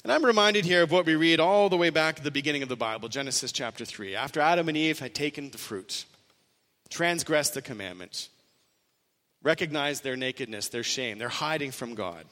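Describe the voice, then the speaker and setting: A man's voice: on the high side, lively intonation, fairly quick, sharp tone, in a large hall. A male pastor preaching an earnest sermon, voicing quoted lines with rising emphasis.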